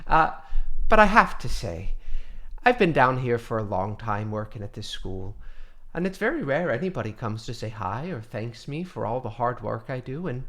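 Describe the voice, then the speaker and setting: A woman's voice: rumbling low, sing-song, normal speed, a bit bright, voice pushed down, heavily acted. A man doing a big, stammering female orc cook. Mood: earnest. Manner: stammering, apologetic, eager to please. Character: huge muscular female orc cook, lonely and kind.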